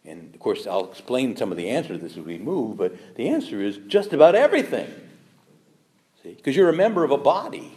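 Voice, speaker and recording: Man, catholic parish talk, animated, rhetorical questions, folksy humor, swooping expressive pitch. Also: brisk. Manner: animated, rhetorical questions, acts out quoted objections. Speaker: Catholic speaker.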